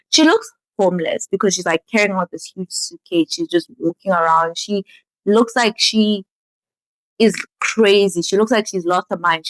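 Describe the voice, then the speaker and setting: A young woman in a casual, animated show recap, full of "like". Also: mid-range voice, no echo, low-quality recording. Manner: animated storytelling, lots of "like". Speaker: vlogger.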